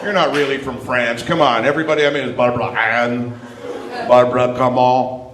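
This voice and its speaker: A fast-talking Canadian stand-up with a medium-pitched male voice works the crowd on a club stage. Recorded off-mic in a roomy room with audible noise, he's animated, breaking into loud put-on voices and rants.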